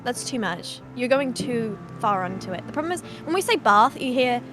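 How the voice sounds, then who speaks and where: A British woman chatting on a game stream, her voice high and bright. She swears freely and laughs a lot, with faint game music behind her. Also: expressive, moderate pace, hardly any pauses. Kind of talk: casual chat.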